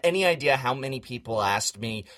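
A man's voice: mid-range voice, lively intonation, brisk, fairly bright tone. A man chatting as a podcast guest, joking and playfully embarrassed. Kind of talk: casual chat.

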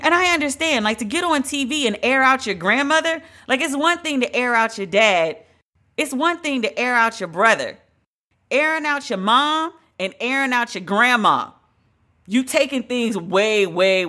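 A woman's voice: high-pitched, lively intonation, normal speed, sharp tone. A woman hosting a solo podcast, talking in a blunt, emphatic, conversational way and drawing out the words she stresses. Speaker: podcast host.

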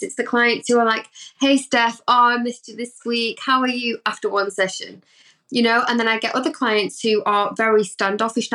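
Expressive woman therapist on a podcast. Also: medium pitch. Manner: animated, acts out clients' voices in quotes. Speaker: therapist guest. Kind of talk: podcast conversation.

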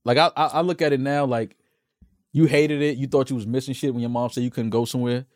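A man co-hosting a podcast, talking in animated, slangy casual chat and laughing often. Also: medium pitch, fast talker, no echo, clean studio sound. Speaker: podcast co-host.

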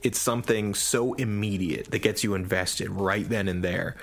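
A man co-hosting a podcast in casual chat, retelling a story with animated enthusiasm. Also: low voice, normal speed, creaky. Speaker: podcast co-host.

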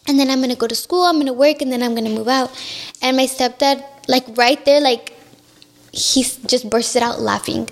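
A woman's voice: sits high, fairly even intonation, a little fast. A young adult woman, a podcast guest telling her personal story candidly and acting out what others said to her. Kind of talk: personal storytelling in casual chat.

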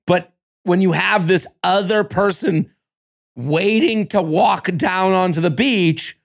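Gravelly high-voiced man recapping reality TV. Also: takes it slowly. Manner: animated, swearing, acts out cast members in exaggerated voices. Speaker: podcast co-host. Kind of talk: casual reality-TV recap chat.

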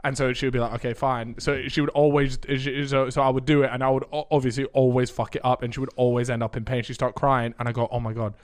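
Give me a man chatting on a podcast, telling animated stories with lots of laughter. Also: medium pitch, fast, few pauses. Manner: animated storytelling, laughs often. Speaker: podcast host. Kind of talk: casual chat.

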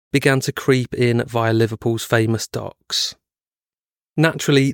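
A man co-hosting a true-crime podcast, moving between a steady scripted narration and loose, hedging chat. His voice is smooth and clear. The sound is dry and close, with no room around it. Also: medium pitch, no room sound. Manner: reads prepared script, then chats with hedging fillers. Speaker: podcast co-host.

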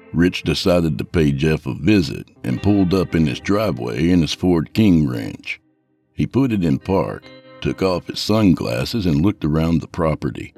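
A man with a very low, deep voice who narrates a dark horror tale in measured, even tones. Faint music plays under his read. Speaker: storyteller.

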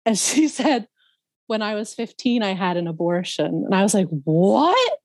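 A woman telling a story on a podcast, casual and lively. Her pitch is middling and she often laughs and mimics others. The sound is close and dry, with no room echo. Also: normal speed. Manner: animated, laughs often, imitates other people's voices. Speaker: podcast guest.

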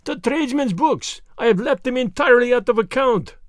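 A man's voice: high-pitched, big pitch swings, dry recording, studio quality. Poirot, a man doing a fussy detective. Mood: excited. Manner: theatrical, exclamatory, fastidious. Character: fussy, excitable Belgian detective, middle-aged man. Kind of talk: audiobook character voice.

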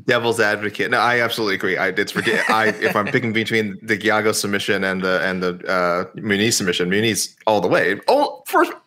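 A man's voice: lowish voice, fairly even intonation, quick pace, hardly any pauses, pushed and bright. A young man co-hosting a casual sports podcast, thinking aloud and often correcting himself. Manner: speculative, self-correcting, many restarts. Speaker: podcast co-host.

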